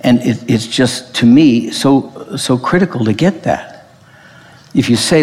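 A man preaching a sermon in an emphatic, animated way, often restarting his phrases. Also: mid-range voice, normal speed, in a large hall. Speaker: pastor.

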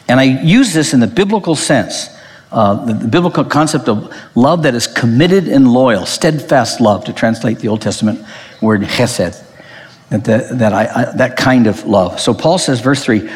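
Male pastor, emphatic sermon delivery, very lively pitch, long hall reverb. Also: moderate pace. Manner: animated, emphatic preaching with frequent restarts.

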